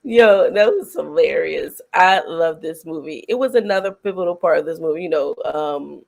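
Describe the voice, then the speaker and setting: Animated middle-aged woman chatting about films. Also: low voice, moderate pace, gravelly. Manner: animated, laughs often while retelling scenes. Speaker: host. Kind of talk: casual film review chat.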